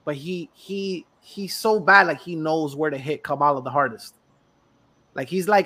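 A man in casual chat, animated and profane, laughing often. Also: high-pitched, a little fast.

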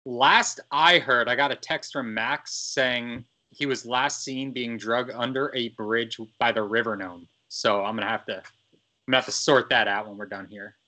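A man in his thirties, guest co-host of a podcast, talking casually with a dry, deadpan humor. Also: medium pitch, moderate pace.

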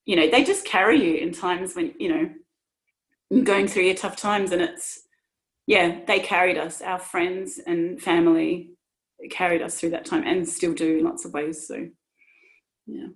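A woman's voice: lowish voice, steady tone, a little slow. A woman in her thirties speaking earnestly and emotionally about her own experiences, with many restarts. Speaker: podcast guest. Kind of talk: personal conversation.

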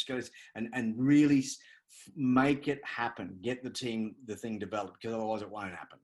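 A man, a guest telling stories in a lively, conversational way with repeated words. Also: medium pitch, brisk. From Australia. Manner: animated storyteller, repeats words. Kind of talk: conversational interview.

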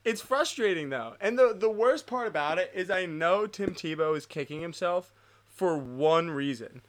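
A man's voice: fairly high pitch, normal speed. Profane, ranting young man. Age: 20s. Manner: animated, profane ranting storyteller. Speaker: podcast co-host. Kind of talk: casual podcast chat.

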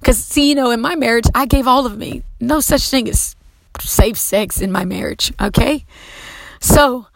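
A woman's voice: fairly high pitch, normal speed, creaky, poor audio. Tearful, fervent woman preacher. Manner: emotional, fervent, fighting tears. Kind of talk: testimony sermon.

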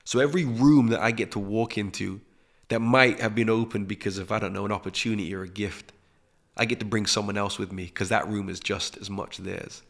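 A man hosting a podcast, giving a reflective spiritual teaching talk that drops to hushed emphasis. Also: fairly low pitch, fairly even intonation, a little fast, creaky. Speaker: podcast host.

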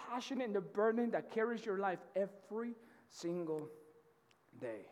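Male pastor, high voice, fervent sermon delivery with lots of restarts; long hall reverb. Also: animated, moderate pace, a little mellow. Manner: passionate, fervent preaching; repeats words and restarts often. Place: church auditorium.

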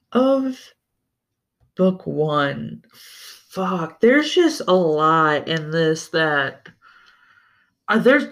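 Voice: medium pitch, a bit bright. A podcast host chatting alone about a book series, enthusiastic and swearing freely, often stumbling and restarting sentences. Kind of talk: casual solo book-review chat.

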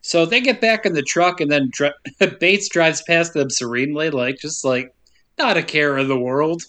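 Bright-voiced man recapping a movie. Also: on the high side, moderate pace. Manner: playful storytelling, acts out quotes, swears. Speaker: podcast co-host. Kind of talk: casual movie recap chat.

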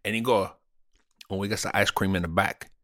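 A man's voice: on the low side, steady tone, fairly bright tone, dry recording, studio quality, close to an everyday voice. A man in his forties voicing a boastful Hollywood insider, with an exaggerated fake movie-gangster Cuban accent and swaggering brags. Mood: bragging. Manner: swaggering, bragging, drawn-out "man" tags.

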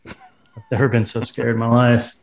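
A man's voice: mid-range voice, little pitch movement, a little fast, creaky. A man co-hosting a casual music podcast, telling amused anecdotes. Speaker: podcast co-host. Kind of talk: casual chat.

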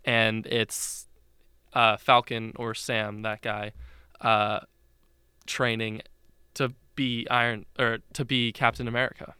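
Bright, crisp-voiced young man rambling. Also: medium pitch, little pitch movement, takes it slowly, no room sound. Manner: rambling, filler-heavy retelling with restarts. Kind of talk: casual chat.

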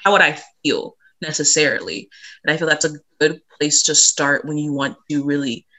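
A woman's voice: deep voice, normal speed, sharp tone, poor audio. A woman co-hosting a podcast over a video call, rambling and giggly, correcting herself as she goes. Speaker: podcast co-host. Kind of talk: casual podcast chat.

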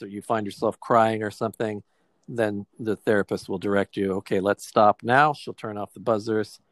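Man, 40s, low voice, dry close sound; reflective personal storyteller. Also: dry recording. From New Jersey. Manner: reflective, retelling a therapy session with quoted dialogue.

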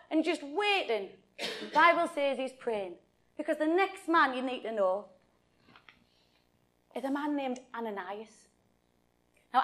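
A woman telling a Bible story to children and adults in an animated way, often addressing her listeners directly. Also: high voice.

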